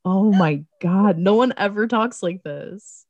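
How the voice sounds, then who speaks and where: A woman's voice: mid-range voice, lively intonation, unhurried, a little mellow, no room sound, dull audio. A woman co-hosting a podcast in casual chat, laughing often as she mocks a movie's dialogue. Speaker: podcast co-host.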